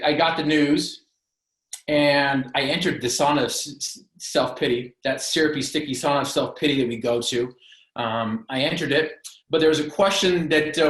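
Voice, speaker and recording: A man's voice: on the high side, fairly even intonation, moderate pace, fairly bright tone. A man as a podcast guest, telling his own story in an earnest, emphatic, motivational way with punchy alliterative phrasing. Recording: roomy echo.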